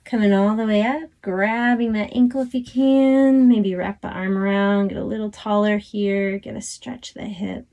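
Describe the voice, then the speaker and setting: A woman instructor gently guiding a stretching class, talking close to the camera from a small closet. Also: medium pitch, normal speed, hardly any pauses, dull audio. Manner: calm, encouraging cues with fillers. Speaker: fitness instructor.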